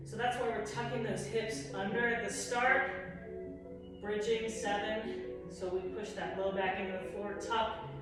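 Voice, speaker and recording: A woman fitness instructor calmly guiding a workout, counting reps and cueing breaths. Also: medium pitch. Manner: calm counting, cues breathing. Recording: roomy echo, distant mic, music behind.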